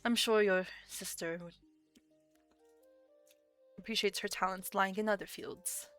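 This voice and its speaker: A woman's voice: medium pitch, steady tone, unhurried, fairly bright tone, dry recording, soft background music, lightly acted. A woman voicing a cold, scornful middle-aged father who speaks curtly and dismissively. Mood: measured. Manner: curt, dismissive.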